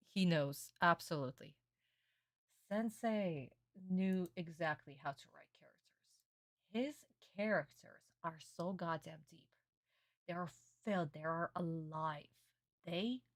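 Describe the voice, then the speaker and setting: A young woman streamer in a casual reaction stream, excitable and gushing, swearing often. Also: on the low side, no room sound, studio quality.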